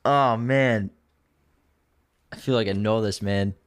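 A man co-hosting a podcast in casual chat, relaxed and often laughing as he runs a movie quiz. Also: fairly low pitch, slow, clear, resonant tone, no echo, studio quality. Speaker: podcast co-host.

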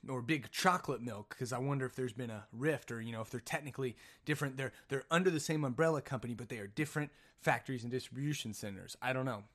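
A man's voice: mid-range voice, quick pace, few pauses, a bit bright. A man hosting a casual solo podcast, telling a rambling story full of jokes and self-mocking asides. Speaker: podcast host.

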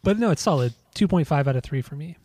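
Dry-teasing young man, mellow voice. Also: on the high side, animated, fast. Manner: dry teasing, runs the segments. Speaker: podcast co-host. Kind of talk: casual chat.

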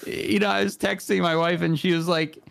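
A man's voice: high-pitched, a little fast, creaky, no echo, clean studio sound. Laughing man telling a story. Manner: animated, laughing often, many fillers. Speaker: podcast guest. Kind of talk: casual storytelling.

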